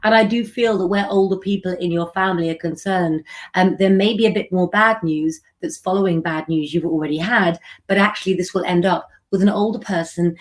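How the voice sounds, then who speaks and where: A woman's voice: on the low side, a little fast. A middle-aged woman hosting a live stream, chatting affectionately with viewers and giving tarot readings.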